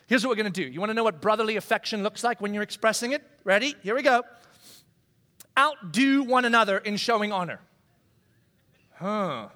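Animated man preaching in a reverberant hall. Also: high voice, brisk, long pauses. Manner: animated, acts out quoted voices, conversational. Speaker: pastor. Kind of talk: sermon. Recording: long reverb of a large hall.

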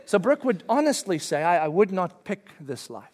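A middle-aged man telling a family story to an audience, animated, bursting into shouted quotes. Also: high-pitched, fairly quick, few pauses.

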